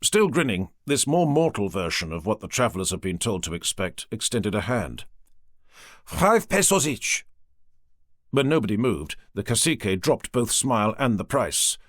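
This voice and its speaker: A man narrating an audiobook in an expressive storytelling manner, close to a studio mic. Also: lowish voice, normal speed, hardly any pauses, no echo. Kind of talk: scripted narration.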